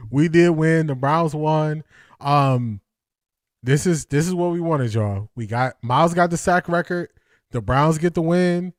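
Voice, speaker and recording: A man hosting a live watch-party stream, excitable and out of breath, laughing often and calling his viewers y'all. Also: a little high, a little slow, no echo, clean studio sound.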